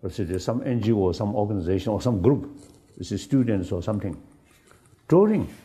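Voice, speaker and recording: In a conversational panel discussion, a man who is a spiritual leader speaks haltingly, searching for words and often starting over. His mellow, dark voice sits on the low side but rises and falls a great deal. He is animated, acting out quoted remarks with lots of energy.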